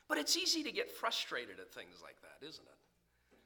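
A man preaching a sermon in church as pastor, swinging between loud emphasis and hushed near-whispers. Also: mid-range voice, huge pitch swings, takes it slowly, long pauses. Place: church sanctuary.

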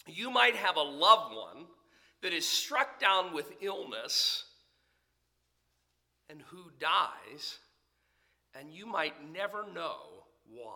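A man preaching a sermon in church as pastor, swinging between loud emphasis and hushed near-whispers. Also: sits high, very animated, takes it slowly, long pauses. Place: church sanctuary.

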